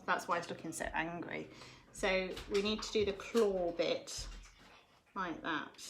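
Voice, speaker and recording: A woman's voice: lowish voice, fairly bright tone, a little hiss or hum. A woman giving a live drawing lesson for children from home, explaining each step patiently. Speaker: drawing teacher.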